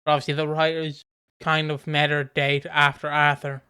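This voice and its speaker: A man's voice: a little high, monotone, moderate pace, sharp tone, clean tone. A man co-hosting a podcast in casual chat, rambling into tangents and laughing easily. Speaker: podcast co-host.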